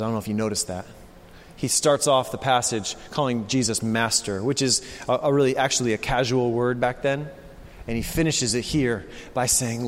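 A man preaching a sermon as pastor, swinging from hushed, low passages to loud, excited ones. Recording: long reverb of a large hall.

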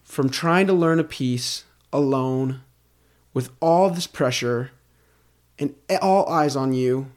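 A man's voice: medium pitch, slow pace, darkish tone. A young man co-hosting a casual faith podcast, talking with enthusiasm and building on his partner's ideas. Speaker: podcast co-host.

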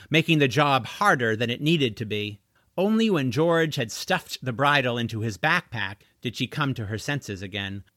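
A man narrating a family novel in expressive storytelling. His voice is bright and full of movement in pitch. The recording is dry and close. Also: no echo. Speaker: audiobook narrator. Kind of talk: scripted narration.

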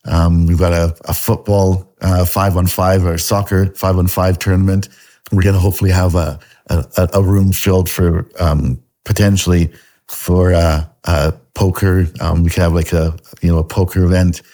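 Deep-voiced Canadian man, halting. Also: level tone, warm tone. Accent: Canadian with a slight Scottish tinge. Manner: halting, many fillers and restarts, laughs often. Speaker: podcast guest. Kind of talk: casual interview chat.

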